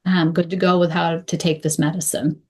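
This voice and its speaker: A woman coaching clear English, speaking deliberately and modeling phrases slowly with pauses. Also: lowish voice, flat delivery, a little mellow. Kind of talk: instructional talk to camera.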